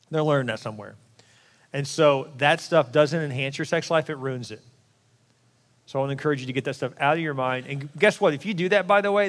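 Guy pastor preaching, jokey and frank, does little voices for quotes, kinda high voice, long echo of a big hall. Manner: candid and joking, acts out quoted voices. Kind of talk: sermon.

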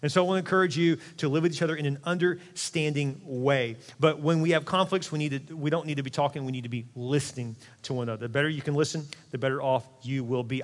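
Brief: middle-aged male pastor, quick lively sermon delivery, slightly high voice, long hall reverb. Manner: animated, conversational preaching with quick asides.

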